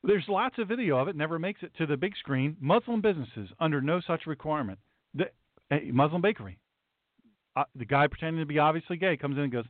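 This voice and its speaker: A middle-aged pastor hosting a talk show gives an emphatic, preachy monologue, repeating his points for punch. His voice sits fairly high for a man. The sound is dry and tinny, like a phone line. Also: expressive, quick pace, no room sound.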